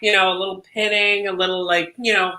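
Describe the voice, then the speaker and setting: A man's voice: high voice, flat delivery, fairly quick, bright, forceful tone, echoey room. A man co-hosting a live drag review chat, campy and gushing, laughing often. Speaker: co-host of a drag review show. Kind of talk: casual live-stream chat.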